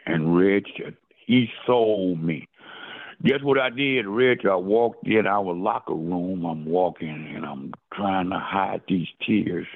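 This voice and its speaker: An older man, a former football player, telling stories in a casual interview with lively, animated delivery and repeated address of the host. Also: low voice, slow. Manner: animated storyteller who keeps addressing the host by name. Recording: phone-like, lo-fi line.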